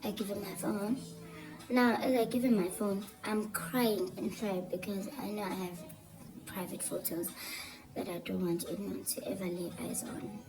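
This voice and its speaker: A young-sounding woman recounts a tense personal story in a casual storytime monologue, animated and full of fillers. Her voice has a gravelly fry at the edges, and clear music plays under her the whole time. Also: medium pitch, normal speed, rough recording. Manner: animated, dramatic retelling with fillers. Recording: clear music bed behind voice.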